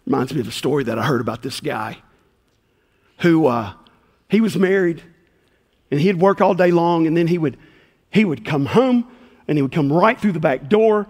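A man's voice: on the high side, normal speed, pauses often. A man preaching a sermon as pastor, telling a story and acting out the voices of the people in it. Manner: animated storyteller, acts out voices in his tale. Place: church sanctuary. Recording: long hall reverb.

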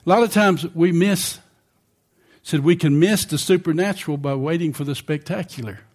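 An older male preacher delivering a sermon in a conversational style, checking in with the congregation as he goes. His voice sits a little higher than most men's. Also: normal speed, a little mellow.

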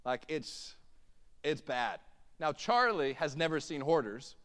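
A man's voice: on the high side, big pitch swings, takes it slowly, a bit bright. A man in his thirties preaching a sermon, mixing humorous family stories with emphatic preaching in a church hall. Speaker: pastor. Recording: long hall reverb.

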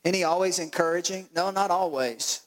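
Brief: man, pastor preaching, animated storyteller, slightly high voice. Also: normal speed, low-quality recording. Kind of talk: sermon.

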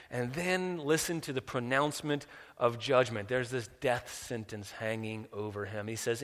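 A man preaching a sermon. He drops low and quiet, then climbs loud and high for emphasis, often repeating words as he restarts. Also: moderate pace. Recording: long reverb, large hall.

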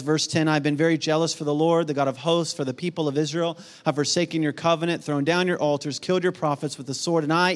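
A middle-aged man preaching a sermon, earnest, swinging from emphatic peaks to soft, hushed storytelling. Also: fairly high pitch. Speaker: pastor.

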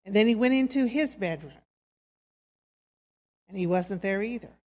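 A woman preacher giving a sermon, telling a story in a slow, soft, dramatic way. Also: mid-range voice, expressive. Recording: reverberant hall.

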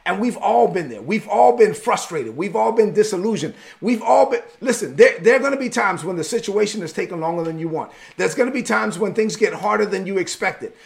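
A man's voice: sits high, animated, fairly quick, creaky, hardly any pauses. A man preaching a sermon in a conversational, repetitive way, acting out what people say. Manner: conversational, repetitive, quotes people in acted voices. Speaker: pastor.

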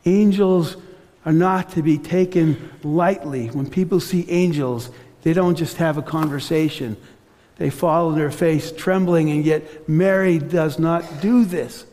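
A man preaching a sermon as pastor, earnest, slowing and softening on reflective passages. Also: fairly high pitch, big-room sound.

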